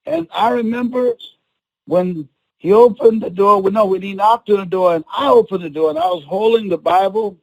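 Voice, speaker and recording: An older man giving a motivational speech as a story, with a preacher-like delivery that swings between hushed lines and shouts. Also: sits high, moderate pace, low-quality recording. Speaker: motivational speaker.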